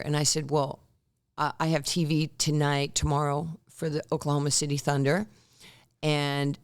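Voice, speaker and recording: As a podcast interview guest, a woman in her sixties who used to play basketball tells animated stories and performs the quotes. Her voice sits low and sounds clean, at a normal speed.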